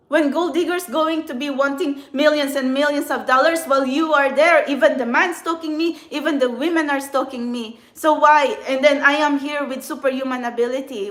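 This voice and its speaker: Woman tarot vlogger, high voice, heated swearing rant, echoey room. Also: a bit bright. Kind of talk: angry ranting monologue.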